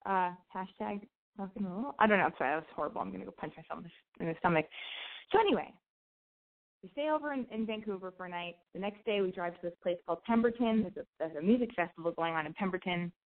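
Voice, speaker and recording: A woman's voice: lowish voice, fast talker. A young adult woman telling a rambling personal story in casual chat, swearing freely and correcting herself as she goes. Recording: tinny phone-like sound.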